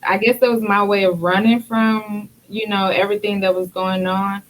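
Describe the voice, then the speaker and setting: A woman's voice: mid-range voice, level tone, normal speed, slight background noise, low-quality recording. Candid, reflective woman talk-show host. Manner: reflective, candid, relating her own experience. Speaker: podcast host. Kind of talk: casual conversational storytelling.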